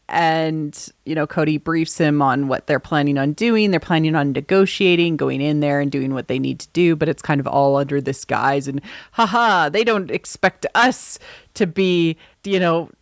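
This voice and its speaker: Woman, podcast host, low voice, rambling enthusiastic chat, dry close mic. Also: moderate pace, no echo. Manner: rambling, enthusiastic recaps with many fillers. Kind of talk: casual chat.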